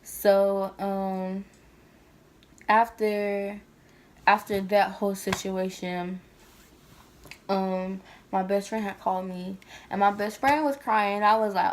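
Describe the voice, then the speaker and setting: A woman chatting casually to her camera at home in a storytime vlog. Her delivery rambles, packed with fillers and restarts. Her voice sits in a middle pitch and stays fairly flat with little rise and fall. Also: slow, slight background noise. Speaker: vlogger.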